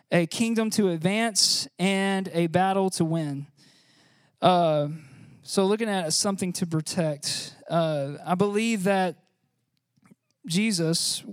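A man giving an informal, chatty sermon, laughing often and filling pauses with "uh". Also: high-pitched, no room sound, studio quality. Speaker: church speaker.

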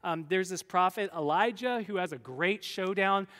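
A man preaching a sermon, retelling Bible stories in a lively, conversational way and briefly acting out the people in them. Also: sits high, normal speed, big-room sound. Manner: animated storyteller, acts out voices of biblical figures. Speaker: pastor.

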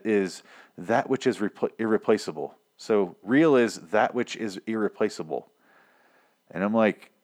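A young man recapping a TV episode casually, rambling, swearing and breaking off mid-sentence. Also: lowish voice. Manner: rambling, profane, self-interrupting. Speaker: TV reviewer.

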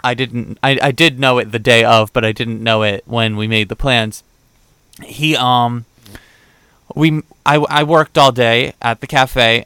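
Young guy rambling through a story, smooth clear voice, dry close mic, does all the quotes. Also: mid-range voice, pushed and bright, no room sound. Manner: rambling storyteller, acts out quoted dialogue, many fillers. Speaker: podcast host. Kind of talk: casual chat.

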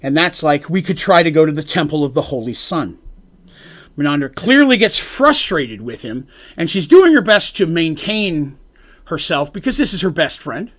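A man's voice: fairly high pitch, sing-song, normal speed, fairly bright tone. A man streaming as game master, rambling through a recap of his tabletop story and quoting the characters' lines. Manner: rambling, retells scenes with quoted lines.

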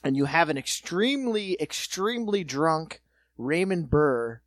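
A man co-hosting a casual comedic chat, animated and mocking, slipping into quick goofy impressions. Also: a little high, dry recording, clean studio sound. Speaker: podcast co-host.

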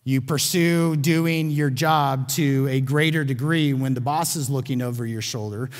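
A man's voice: mid-range voice, steady tone, measured pace, big-room sound. A man teaching a sermon on a Bible passage, earnest and emphatic, often restarting his phrases. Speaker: pastor.

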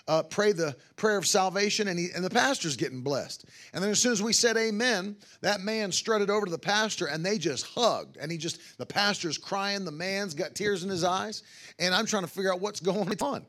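A man's voice: high-pitched, fairly bright tone. A man, a traveling revival preacher, telling testimonies with fervor and bursts of hallelujah. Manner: fervent, exclaims hallelujah, quotes others in his own voice. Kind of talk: testimony-driven sermon storytelling.

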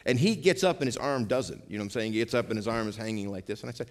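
A middle-aged pastor gives a sermon to his congregation in a chatty way, peppered with asides and rhetorical questions. His pitch is medium, and when he reads scripture he slows down and swells.

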